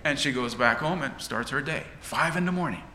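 A man's voice: medium pitch, animated, fairly quick, pushed and bright, a little hiss or hum. A man preaching a sermon with dramatic, rising and falling delivery. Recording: echoey church hall.

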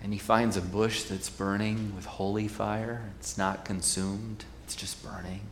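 Slow-talking, wry male preacher. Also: fairly low pitch, flat delivery, echoey room, big-room sound, slight background noise. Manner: conversational, wry, leans into stories. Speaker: pastor. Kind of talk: sermon.

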